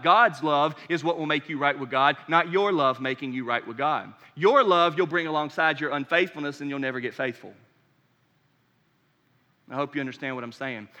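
A man's voice: fairly high pitch, pushed and bright. A man preaching a sermon as pastor, stressing his points by repeating phrases. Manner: preaching with rising intensity, repeating phrases for emphasis. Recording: long hall reverb.

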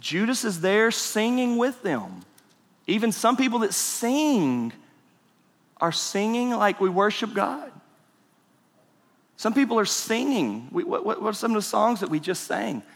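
Male pastor, high voice, emphatic sermon, reverberant church hall. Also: very animated, a little slow, creaky. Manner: emphatic preaching, swings between loud and hushed. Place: church sanctuary.

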